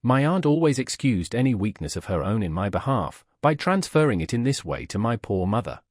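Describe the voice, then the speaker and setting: Husky male audiobook narrator. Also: on the low side, big pitch swings, fairly quick, few pauses, no room sound, studio quality. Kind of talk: scripted literary narration.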